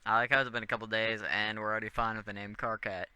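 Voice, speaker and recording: A man's voice: lowish voice, little pitch movement, fast, pushed and bright, smooth, dry recording. A young man rambling and joking as a radio DJ in casual chat, often trailing off into mumbled asides.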